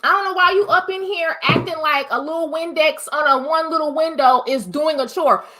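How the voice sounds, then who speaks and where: A high-pitched woman from the United States hosts her own vlog. She talks straight to her viewers in an emphatic, preachy way. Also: normal speed, bright, forceful tone. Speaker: vlog host. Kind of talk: casual opinion monologue.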